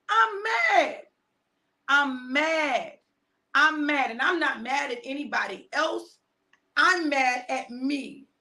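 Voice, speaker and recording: A woman in her fifties hosting a live stream, giving a casual motivational talk to her viewers. She speaks with heavy repetition and emphasis, preaching at times and dropping into hushed asides. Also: sits high, creaky. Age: 50s.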